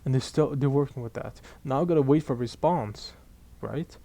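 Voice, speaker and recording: Mellow-voiced young man ranting. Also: mid-range voice, moderate pace, gravelly. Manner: profane, exasperated, animated storytelling. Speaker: vlogger. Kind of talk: casual ranting monologue.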